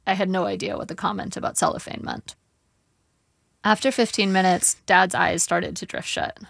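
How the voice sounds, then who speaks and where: Female memoir narrator, measured and wry, with gravelly fry. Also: fairly low pitch, a bit bright, no room sound, studio quality. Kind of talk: memoir audiobook reading. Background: faint guitar music.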